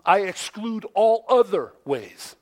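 A man preaching a sermon with a high, lively voice that leaps up and drops low. He takes his time, lingers on words, and acts out the voices he quotes. He goes from loud bursts to near-whispered asides. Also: slow. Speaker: pastor.

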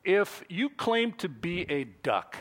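Give me a lively, high-pitched male preacher. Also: slow. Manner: animated, playful storytelling with acted-out quotes. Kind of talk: sermon.

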